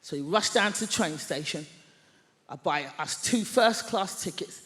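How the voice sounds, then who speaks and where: A woman stand-up comedian telling a story on a large theatre stage, loud and theatrical. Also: fairly low pitch, expressive, moderate pace. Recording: echoey theatre hall, faint noise.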